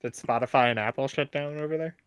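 A man's voice: mid-range voice, fast, a bit bright, smooth, dry recording. A man co-hosting a podcast, chatting casually with joking asides. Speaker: podcast co-host.

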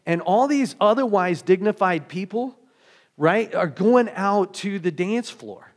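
A man delivering a sermon with a somewhat high-pitched voice. He talks conversationally, piles up rhetorical questions and restarts his phrases as he works through his points. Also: lively intonation, unhurried. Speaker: pastor.

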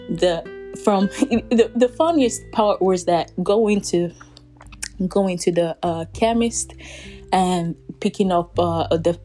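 Lower-voiced woman telling a rambling story. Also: a little mellow. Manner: rambling, heavy use of "like", laughs between phrases. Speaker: vlogger. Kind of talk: casual storytelling.

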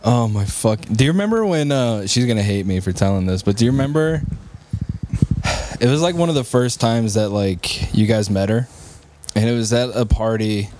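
A man co-hosting a podcast, swearing freely as he tells a story in casual chat. His pitch swings widely as he talks. Faint noise sits behind his voice. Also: animated, moderate pace, a little mellow. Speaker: podcast co-host.

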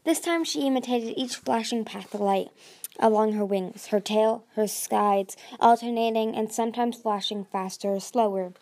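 A woman's voice: a little high, moderate pace, darkish tone. A woman narrating a fantasy novel aloud, reading steadily with occasional slips and restarts.

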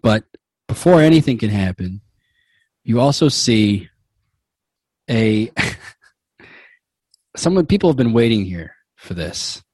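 A man narrating as game master in a comedic tabletop session, giggly and rambling with lots of fillers. He talks slowly, and the recording is dry and close. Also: lowish voice, very animated, a little mellow, breathy edge, no room sound.

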